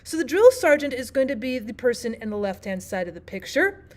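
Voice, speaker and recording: A woman teacher narrating a lesson, explaining clearly and asking the listener questions. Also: fairly high pitch, very animated, brisk, a little mellow. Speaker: language arts teacher.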